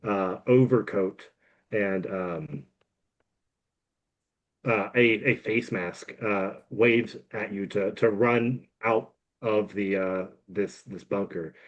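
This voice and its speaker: Halting male game master, lo-fi sound. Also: on the low side. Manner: halting, many fillers. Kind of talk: narrating a tabletop game.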